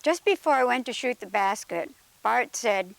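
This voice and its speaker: An older woman telling family stories in an interview, animated and laughing at her own tales. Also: on the high side, moderate pace, creaky, no room sound. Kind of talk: storytelling interview.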